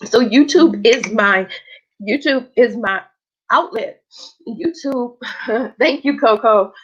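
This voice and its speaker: A woman's voice: fairly high pitch, takes it slowly, slightly rough, muffled recording. A woman hosting a casual livestream chat, talking to her viewers in an emotional, heartfelt way. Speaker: livestream host.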